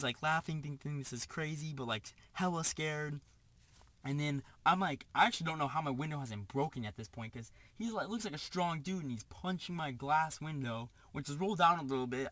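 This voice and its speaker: Young adult man, storytime vlog, slightly high voice, lively quoted bits. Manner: animated, acts out quotes, heavy filler "like". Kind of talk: casual storytime.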